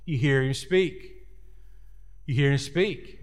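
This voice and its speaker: Preacher in a reverberant hall. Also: male voice, medium pitch, takes it slowly. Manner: earnest, repetitive preaching cadence. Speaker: pastor. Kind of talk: sermon.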